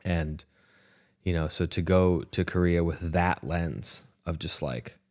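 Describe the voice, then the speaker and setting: Male podcast host with a very deep voice, earnest and reflective storyteller, often restarts his sentences. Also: slow. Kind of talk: candid conversation.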